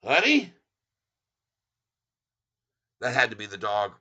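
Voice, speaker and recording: A middle-aged man hosting a live stock market stream, calling out share counts and prices in an excited, rapid patter. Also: medium pitch, muffled recording. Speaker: stock market livestream host. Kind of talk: live stock-ticker commentary.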